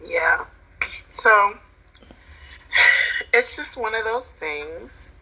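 A woman co-hosting a comedy podcast, talking with dry, deadpan sarcasm in casual chat. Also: mid-range voice, drawn-out words, husky, low-quality recording. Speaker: podcast co-host.

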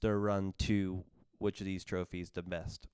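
A man's voice: low voice, level tone, unhurried, darkish tone, clear, resonant tone, dry recording. A man hosting a casual sports podcast, rambling with many fillers and self-corrections. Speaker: podcast host.

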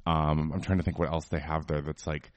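Low-voiced male co-host, chatty and opinionated, dry close sound. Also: level tone, brisk, no room sound. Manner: chatty, opinionated, many fillers. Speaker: podcast co-host. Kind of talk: casual chat.

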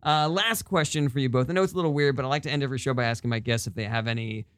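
Male host, brisk and chatty, fast talker, dry studio sound. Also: mid-range voice, no echo. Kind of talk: comedy radio podcast hosting.

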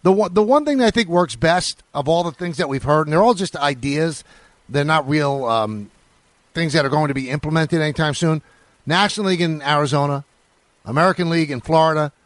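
A man co-hosting a sports radio show, thinking out loud and weighing ideas with many restarts. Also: fairly high pitch, a little fast, dry recording. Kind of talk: casual sports radio discussion.

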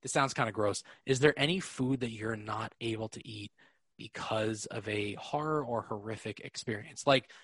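A young man hosting a casual podcast, his voice bright and forward with a husky grain. He rambles, laughs easily and swears without thinking, and the sound is dry and close with no room around it. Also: lowish voice, normal speed, dry recording. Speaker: podcast host.

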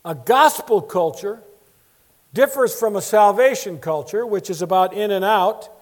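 A man with a notably high voice preaches to a congregation, moving through stories in an animated way. He acts out the voices of the people he quotes as he tells each story. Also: a little slow. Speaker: preacher and Bible teacher. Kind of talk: sermon with storytelling.

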